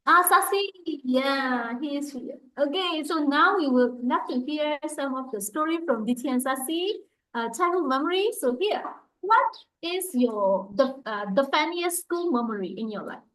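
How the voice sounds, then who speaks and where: A woman hosting a speaking club, introducing speakers in a cheerful, halting way. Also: high-pitched, animated, fairly bright tone, slight background noise, rough recording. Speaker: meeting host.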